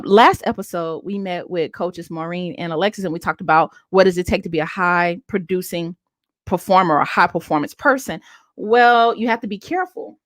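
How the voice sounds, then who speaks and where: A woman's voice: mid-range voice, no room sound, studio quality. A woman in her late thirties hosting a podcast, telling a personal story candidly and earnestly, often restarting her sentences. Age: 30s. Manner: earnest, self-revealing, with many restarts. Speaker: podcast host.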